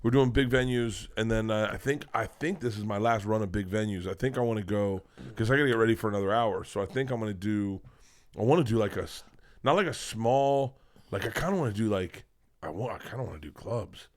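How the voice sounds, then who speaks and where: A man's voice: fairly low pitch, fairly quick. A man, a guest comedian, chatting casually on a podcast, rambling and swearing as he lays out plans. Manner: loose, profane, rambling storytelling.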